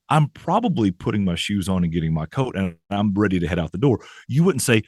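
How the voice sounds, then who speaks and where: Deep-voiced man explaining calmly. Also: fast, hardly any pauses, dry recording, clean studio sound. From American South. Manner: thoughtful, many restarts and "right?" tags. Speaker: linguistics professor guest. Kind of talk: explanatory interview talk.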